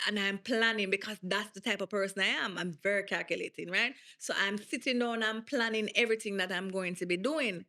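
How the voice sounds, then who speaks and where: A woman in her thirties from Jamaica, with a Jamaican accent, telling her story in an interview in an animated, emphatic way and slipping into patois. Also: mid-range voice, fairly quick, hardly any pauses. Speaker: guest athlete.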